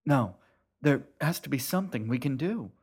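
A man's voice: mid-range voice, animated, moderate pace, darkish tone, slightly rough, voice pushed up. A man voicing an anxious young man calling out urgently to his sister.

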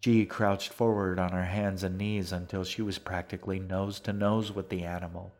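A man narrating a dark fantasy audiobook in a measured, even manner. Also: low-pitched. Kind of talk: scripted narration.

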